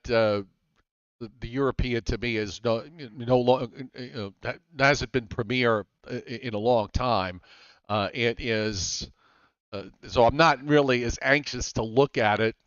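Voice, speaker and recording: A man hosting a weather show, talking in a halting way with frequent restarts in casual chat. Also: medium pitch, a bit bright, smooth, no room sound. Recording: dull lo-fi dry sound.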